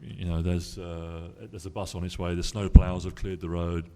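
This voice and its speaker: A man's voice: low-pitched, flat delivery, normal speed, warm tone. A man on a convention panel telling a long anecdote to a live audience, with restarts and acted-out quotes. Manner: rambling storyteller with restarts, acts out quoted voices. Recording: hall reverb.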